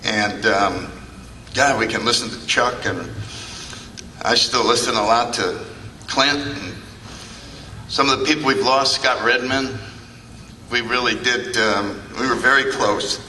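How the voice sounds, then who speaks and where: A man's voice: mid-range voice, a little slow, pauses often, sharp tone, slight background noise. An older man giving a humorous, anecdotal talk to a convention audience, acting out the remarks he quotes. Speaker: recovery meeting speaker. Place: large convention hall. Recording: echoey hall, picked up from a distance.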